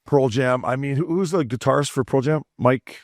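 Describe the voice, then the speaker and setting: A man telling animated, profane stories as a podcast host in casual chat. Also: medium pitch, moderate pace, no room sound, clean studio sound.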